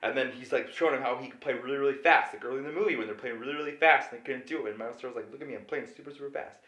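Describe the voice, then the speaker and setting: A drunk man rambling through a comedic recap of a film, swinging between loud and quiet. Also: medium pitch, very fast. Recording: echoey room.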